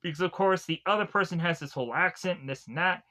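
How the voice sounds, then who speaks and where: A man's voice: sits high, fast talker, sharp tone. A man casually retelling a film's plot as a reviewer, rambling and leaning heavily on "like" and restarts. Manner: rambling, heavy use of "like" and restarts. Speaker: film reviewer. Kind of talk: casual film recap.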